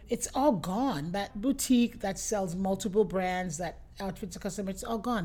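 A middle-aged woman who owns a boutique, chatting as an interview guest and telling lively anecdotes, often acting out what her customers said. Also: medium pitch. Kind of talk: casual interview storytelling.

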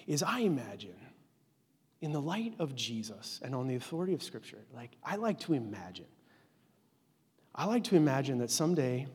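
A man in his forties preaching a conversational sermon as a pastor, earnest and informal, dropping to a hush at tender moments. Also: mid-range voice, breathy edge. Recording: long hall reverb.

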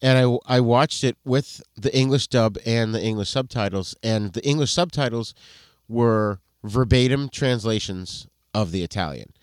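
A man's voice: mid-range voice, moderate pace, dry recording. Easygoing man chatting about films, dry mic. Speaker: podcast host. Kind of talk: casual movie review chat.

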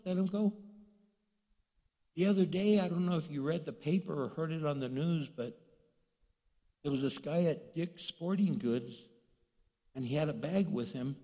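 A man's voice: on the high side, warm tone. A man preaching a sermon as pastor, telling stories animatedly and acting out the voices of the people in them. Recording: long reverb of a large hall.

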